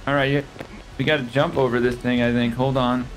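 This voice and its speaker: A man's voice: mid-range voice, flat delivery, a little fast, over music, low-quality recording. A man in casual in-character role-play chat, earnest and easygoing as he shows someone around. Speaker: role-play player showing off his home.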